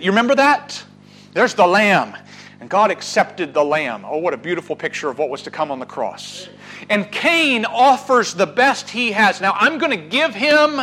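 High, bright-voiced preacher man. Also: low-quality recording. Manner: dramatic, wide swings from loud urging to hushed. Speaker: pastor. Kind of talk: sermon.

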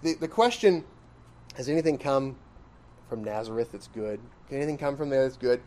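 A man's voice: mid-range voice, expressive, a little fast, mellow. A man preaching an expository sermon in a conversational style, questioning his listeners and pressing points with emphatic rises. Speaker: pastor.

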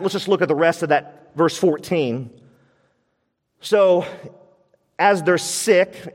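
Male pastor, high voice, emphatic sermon delivery with repeated points, church hall with long reverb. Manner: emphatic, repeats key phrases.

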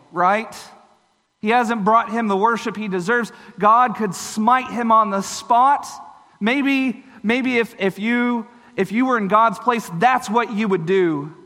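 A man's voice: high-pitched, takes it slowly, sharp tone, big-room sound. A man preaching a sermon, earnest and explanatory, slipping into short voiced asides.

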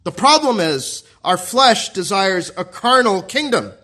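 A man preaching a sermon in an earnest way, asking the congregation questions and slowing down to stress quoted scripture. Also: high voice, very animated, sharp tone. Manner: earnest, asks the congregation questions and answers them.

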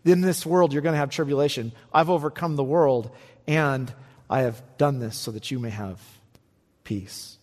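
A male pastor delivering a sermon, swinging between emphatic raised peaks and quiet, low passages. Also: moderate pace, long reverb tail. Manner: animated preaching, rising to emphatic peaks and dropping low.

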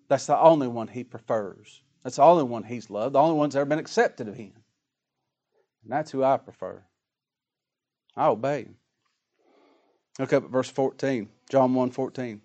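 A man preaching a folksy, dramatic sermon, dropping quiet and then rising loud. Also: medium pitch.

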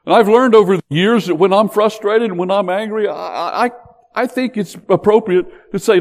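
A man preaching a sermon in an animated, emphatic way. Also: sits high, normal speed. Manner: animated, emphatic, acts out quotes.

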